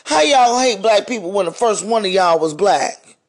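Heated, profane man ranting, high voice. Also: animated, normal speed. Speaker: podcast host. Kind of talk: ranting monologue.

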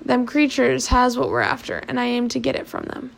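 A woman reading as a determined male treasure hunter in a storybook, rough-spoken and insistent. His voice comes across a little raised and forceful, with a gravelly edge. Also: a little high, little pitch movement, brisk. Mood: scheming.

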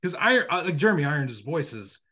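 A man's voice: fairly high pitch, very animated, a little fast, sharp tone. A man hosting a casual interview, asking chatty, eager questions. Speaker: podcast host.

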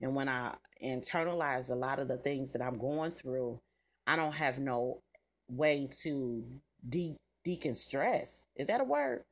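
Low voiced woman, blunt, cusses a lot, casual storytelling to her listeners. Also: expressive, unhurried. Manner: blunt, salty, cusses freely, talks straight to listeners. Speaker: podcast host.

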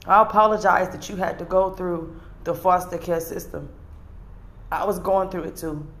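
A woman's voice: fairly low pitch, normal speed, fairly bright tone. A woman giving an earnest, emotional confessional monologue to camera, speaking bluntly and sometimes swearing. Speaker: vlogger.

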